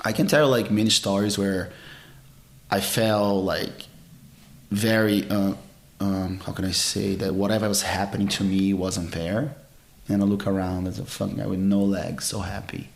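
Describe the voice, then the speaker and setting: A man in his forties tells stories from his fighting life in a fairly low voice, earnest and expressive. His English has non-native phrasing. The room is roomy and echoey. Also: moderate pace, vocal fry. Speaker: jiu-jitsu champion and guest. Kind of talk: casual storytelling interview. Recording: roomy echo.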